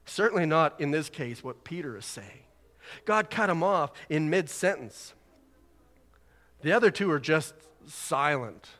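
A man delivering a sermon in a slightly higher voice, easygoing and conversational, then pressing his points hard. His words ring out with a long reverb through the hall. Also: expressive, a little slow, a bit bright. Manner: conversational, rising to emphatic exhortation. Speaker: pastor.

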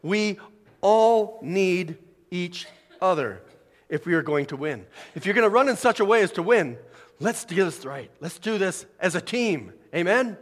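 A man's voice: high-pitched, expressive, a little slow, big-room sound. A man preaching a sermon as pastor, building to emphatic peaks. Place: church sanctuary.

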